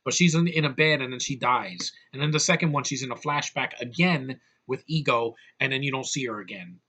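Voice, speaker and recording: A man's voice: medium pitch, brisk, pushed and bright, breathy edge. A man giving an exasperated, profane movie review rant, with heavy emphasis. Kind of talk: ranting movie review vlog.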